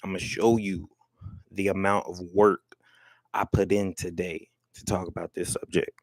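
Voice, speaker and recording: A man's voice: sits low, flat delivery, normal speed, no room sound. A young man hosting his own live stream, talking loosely and joking with plenty of swearing. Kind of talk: casual livestream talk. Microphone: headphones with mic.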